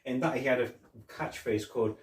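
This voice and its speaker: A man's voice: medium pitch, brisk. A man co-hosting a podcast, casually retelling film scenes and quoting characters with chuckles. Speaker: podcast co-host. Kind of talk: casual film review chat. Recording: echoey room, mic at a distance, faint hiss.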